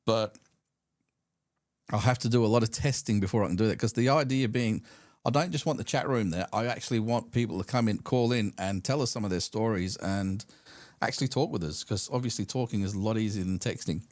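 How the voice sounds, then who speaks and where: Using a studio mic run through a mixer, with no room sound, this podcast co-host talks a little fast in a lowish, slightly mellow voice. On the live stream he chats and tells stories in a relaxed way, sometimes mimicking radio hosts and callers.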